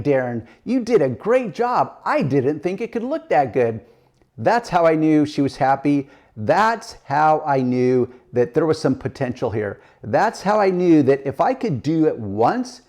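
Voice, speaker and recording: A man in his fifties gives a motivational car-detailing lesson to beginners. His voice sits a little higher than most men's, and he keeps acting out imagined reactions with an exclaimed "whoa.". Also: a little mellow. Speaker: detailing instructor. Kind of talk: motivational tutorial talk.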